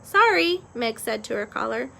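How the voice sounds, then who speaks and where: Storybook reader: woman, expressive and unhurried, bright-toned. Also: fairly high pitch, vocal fry. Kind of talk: reading a children's novel aloud.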